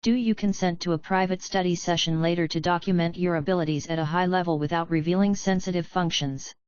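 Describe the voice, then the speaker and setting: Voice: mid-range voice, fairly even intonation, fast, darkish tone, clean tone, dry recording, lo-fi sound, close to an everyday voice. A woman voicing a polite, methodical female unicorn scholar who asks formal questions.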